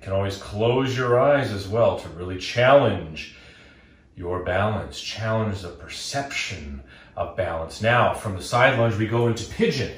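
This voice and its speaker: Speaking at a moderate pace in a lowish voice, a man teaches guided yoga with a playful touch, cueing breath and poses and cracking jokes between them. The echoey room he is in is indoors, with a green screen behind him.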